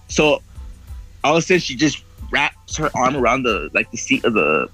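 A man's voice: mid-range voice, animated, fairly quick, pushed and bright, breathy edge, rough recording. A man telling a story in loose, casual chat, rambling along and swearing freely. He jumps into the voices of the people in it as he goes. Faint music plays underneath. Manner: rambling, heavy swearing, acts out quoted voices. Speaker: podcast guest.

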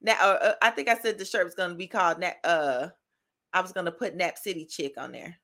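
A woman's voice: on the low side, a little fast, fairly bright tone. A woman hosting a faith podcast, giving an encouraging devotional talk in a chatty style, laughing often and asking "right?".

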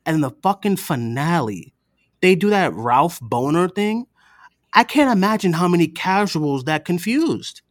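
Animated man telling stories on a podcast. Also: high voice, unhurried, dry recording, studio quality. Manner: animated storyteller, acts out relatives' voices. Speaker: podcast co-host. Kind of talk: casual chat.

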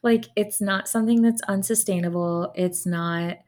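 A young adult woman co-hosting a podcast in casual chat, talking quickly and laughing often. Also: mid-range voice, fairly even intonation, darkish tone. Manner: chatty and bubbly, laughs often. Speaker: podcast co-host.

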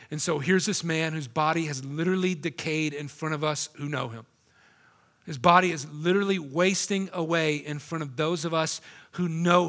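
A man preaching a sermon as pastor, emphatic, dropping soft and low to linger on quoted lines.

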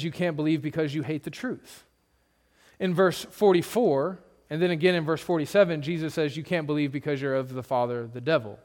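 A male pastor with a slightly high voice preaches an expository sermon in a conversational way. He adds humorous asides and repeats points for emphasis.

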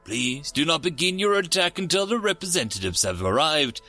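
A man's voice: fairly high pitch, moderate pace, soft background music, pitched above the performer's own voice, heavily acted. A man voicing an automated phone system announcement. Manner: flat recorded-announcement phrasing. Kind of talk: scripted story narration.

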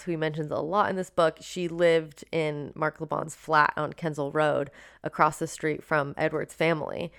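Low-voiced woman recapping a book. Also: creaky. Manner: relaxed, retells the book with fillers. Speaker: podcast co-host summarizing a book. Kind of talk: casual book discussion chat.

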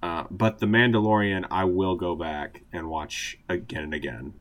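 A man's voice: low-pitched, fairly even intonation, normal speed, a bit bright. A man, co-hosting a podcast in a laid-back, casual way. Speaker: podcast co-host. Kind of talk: casual chat.

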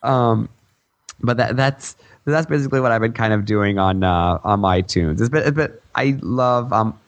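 A man's voice: on the low side, normal speed, dull audio. A man co-hosting a gaming podcast in casual chat, rambling and giggly with lots of fillers, his voice a bit worn. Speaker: podcast co-host.

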